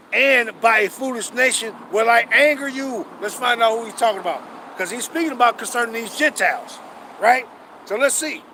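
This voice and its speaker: A man preaching outdoors, emphatic and profane, reading scripture slowly and asking rhetorical questions. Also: very high voice, pushed and bright, a little hiss or hum. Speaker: street preacher. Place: outdoors on a city street.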